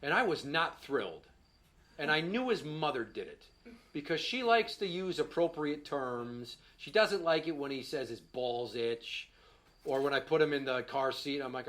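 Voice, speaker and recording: Man, 30s, stand-up comic, bright ringing voice, profane, exasperated, handheld mic. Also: a little high, lively intonation, moderate pace. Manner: profane, exasperated storytelling, voices his young son. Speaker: stand-up comedian. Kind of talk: stand-up comedy set. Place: small comedy stage before a live audience. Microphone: handheld microphone.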